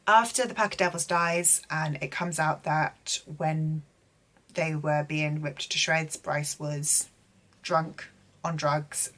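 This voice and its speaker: Young woman book vlogger, low husky voice with a bright edge, gushy and chatty, lots of "like"s. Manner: chatty and gushing, heavy on filler words. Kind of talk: casual book recap.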